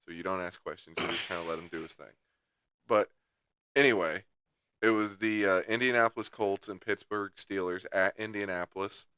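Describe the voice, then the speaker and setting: A man's voice: low voice, steady tone, moderate pace, bright, forceful tone, smooth, dry recording. A young man co-hosting a podcast, chatting casually in a wry, teasing, profane way. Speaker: podcast co-host. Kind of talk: casual chat. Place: studio.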